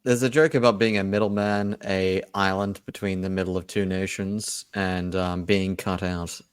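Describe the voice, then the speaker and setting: A man's voice: low voice, level tone, normal speed, smooth, no echo. A man co-hosting a casual political chat, wry and prone to swearing and trailing off. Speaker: podcast co-host.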